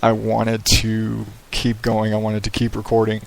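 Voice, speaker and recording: A man with a fairly low, creaky voice speaks a little slowly in a completely flat delivery. He hosts his own podcast solo, rambling casually and swearing, using a radio-style voice into a headset mic in a small, echoey home office with hardwood floors.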